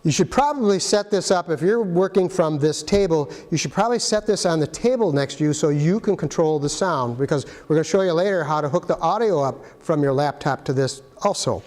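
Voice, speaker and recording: Man instructor, casual hands-on demo, slightly high voice, echoey hall sound. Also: lively intonation, brisk, hardly any pauses, darkish tone. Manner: plain, practical, talks while handling gear. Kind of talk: casual how-to demonstration.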